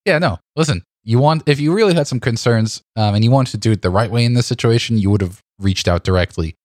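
A man co-hosting a casual photography podcast, animated and indignant, tripping over his restarts. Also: medium pitch, fast talker, dry recording, studio quality. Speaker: podcast co-host.

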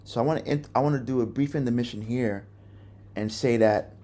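A man's voice: mid-range voice, brisk, dark tone. A young man hosting a podcast, telling a personal story in a candid, profane, rambling way with many restarts. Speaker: podcast host.

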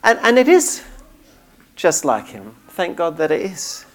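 Brief: emphatic, earnest preacher mid-sermon, mid-range pitch. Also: big pitch swings, unhurried. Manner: earnest, emphatic, with small restarts.

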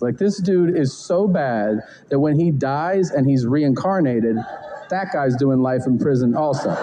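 Mellow-voiced profane stand-up comic. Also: male voice, on the high side, slight background noise, rough recording. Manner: profane, laughing, deadpan asides. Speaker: stand-up comedian. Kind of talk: stand-up monologue.

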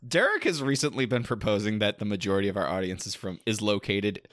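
A man's voice: fairly low pitch, animated, quick pace, fairly bright tone, no echo, clean studio sound. An American man hosting a casual comedy podcast, laughing often and reading news stories aloud to his co-hosts. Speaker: podcast host.

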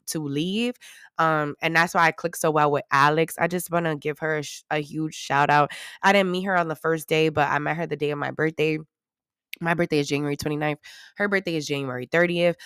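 A young woman with a New York accent, hosting a casual podcast and telling stories in a sassy, animated way with plenty of swearing. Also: sits low, clean tone, dry recording, clean studio sound. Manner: animated, sassy, swears freely, jumps into loud mocking voices. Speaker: podcast host. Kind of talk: casual storytelling chat.

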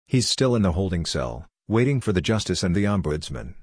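A man's voice: deep voice, very animated, fairly quick, a little mellow, husky, no room sound, studio quality, exaggerated voice. A man voicing a tall, thin female police constable with an Indian accent, formal and matter-of-fact, in an audiobook. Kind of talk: audiobook character voice.

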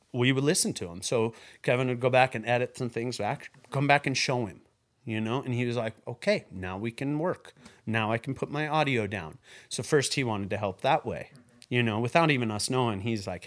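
A man recalling his work as a filmmaker in a casual, halting way, full of restarts, his voice dropping soft at emotional points. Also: medium pitch. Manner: halting and repetitive, many restarts and fillers; earnest, voice drops soft when moved. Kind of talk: casual spoken recollection.

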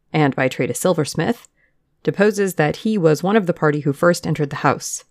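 A podcast reader giving a measured audiobook narration of witness testimony. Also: mid-range voice. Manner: measured, even-paced reading of witness testimony.

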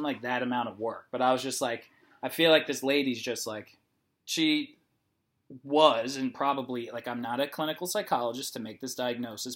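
A man's voice: medium pitch, fairly bright tone. A young man casually telling a long story, rambling with lots of "like" and acting out the dialogue. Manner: rambling, heavy use of "like", acts out dialogue.

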